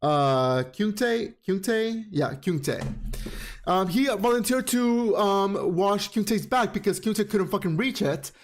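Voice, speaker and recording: Sassy high-voiced man recapping comics. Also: a little slow. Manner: expressive, sassy, swearing, dramatic repetitions. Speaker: podcast host. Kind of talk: casual commentary on comics.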